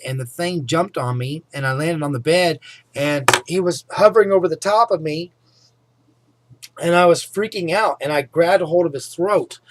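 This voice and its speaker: A middle-aged man telling a personal story in a casual, rambling way, often saying "anyway" and "okay?". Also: fairly high pitch. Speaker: vlogger.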